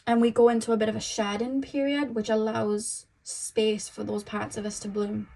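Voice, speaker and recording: A woman's voice: on the high side, flat delivery, moderate pace, gravelly, mellow. A young woman giving a casual tarot reading, chatty and rambling, full of "you know" and "um". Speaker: tarot reader.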